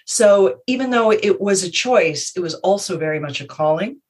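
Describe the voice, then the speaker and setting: A woman guest speaking in a measured, reflective way, telling personal stories in a conversation. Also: mid-range voice, animated, breathy edge.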